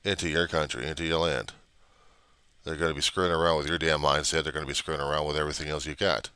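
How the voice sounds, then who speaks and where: A man's voice: rumbling low, flat delivery, quick pace, bright, forceful tone, clear, resonant tone, no room sound, studio quality. A man delivering an agitated, repetitive monologue in his apartment, full of rhetorical questions. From United States. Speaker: vlogger. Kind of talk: ranting monologue.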